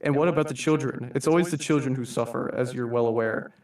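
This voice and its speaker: A man's voice: medium pitch, fast, darkish tone, lightly acted. A man voicing a theatrical masked anarchist who reads a formal, mock-polite monologue addressing humanity as his staff, recorded in a roomy room from a distant mic. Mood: scolding.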